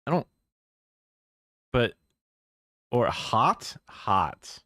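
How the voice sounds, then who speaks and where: A man's voice: mid-range voice, very animated, drawn-out words, bright, forceful tone, no echo, studio quality. A man streaming live, reacting to a video with rambling, musing remarks and profane asides.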